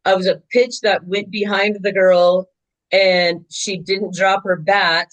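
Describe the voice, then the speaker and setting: A woman in her sixties, a veteran softball umpire, telling game stories in a chatty, animated way with lots of fillers. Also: mid-range voice, slow pace, poor audio. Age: 60s. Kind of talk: casual interview storytelling.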